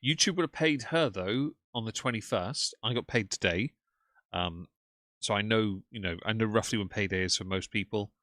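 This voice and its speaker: Man, livestream commentary, bright forceful tone, dry sound, sarcastic. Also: on the low side, moderate pace, no room sound. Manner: sarcastic, mocking asides. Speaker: commentary streamer.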